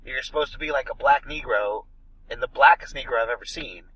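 Guy ranting about a movie, swears a lot, bright but kinda husky voice. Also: mid-range voice, a little fast, low-quality recording. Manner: ranting, profane, emphatic. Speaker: podcast co-host. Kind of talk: casual movie review chat.

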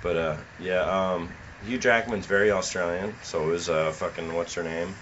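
A man guesting on a casual podcast from home, rambling in a crude, animated way. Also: low-pitched, moderate pace, muffled recording, a little hiss or hum.

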